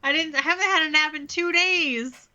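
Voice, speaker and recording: A woman's voice: high voice, moderate pace, a crowd in the background. A woman playing in a tabletop game, sounding tired and wry. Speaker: player. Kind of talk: casual chat at a tabletop game. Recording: dull lo-fi sound.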